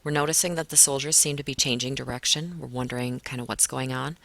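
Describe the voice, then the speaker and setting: A woman teacher talking a class through a poem in a relaxed way, with frequent fillers. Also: extremely low pitch, fast talker, vocal fry, dry recording. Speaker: English teacher. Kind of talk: recorded classroom lesson walkthrough.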